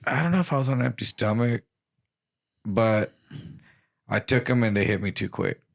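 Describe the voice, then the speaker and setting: A man's voice: on the low side, lively intonation, normal speed, vocal fry. An older man telling crude stories in a casual podcast chat, laughing as he talks. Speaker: podcast co-host. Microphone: studio mic.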